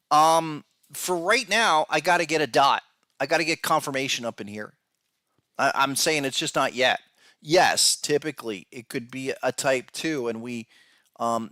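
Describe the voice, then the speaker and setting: A man's voice: mid-range voice, sharp tone, clear, resonant tone, no echo, clean studio sound. A man hosting a podcast, giving casual market analysis, who talks to viewers directly and often repeats words as he goes. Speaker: podcast host and trading analyst.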